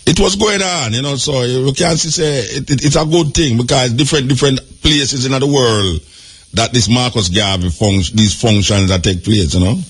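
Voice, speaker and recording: A man with a Jamaican accent hosting a talk radio call-in show, relaxed and conversational with a husky voice. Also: mid-range voice. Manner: relaxed, conversational, quick affirmations.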